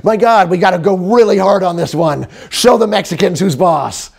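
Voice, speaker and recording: A man's voice: sits high, moderate pace, gravelly, darkish tone, pitched above the performer's own voice. A man impersonating an indignant older man who is ranting and blustering about trade policy.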